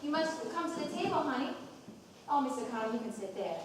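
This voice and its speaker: A woman's voice: sits high, lively intonation, a little fast, heavy background noise. An actress playing a fussy, nostalgic middle-aged mother, a faded Southern belle who chatters on, in a live stage play. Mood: gushing. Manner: gushing, chattering, theatrical. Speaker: stage actor. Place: college theater stage. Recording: echoey theater from far off.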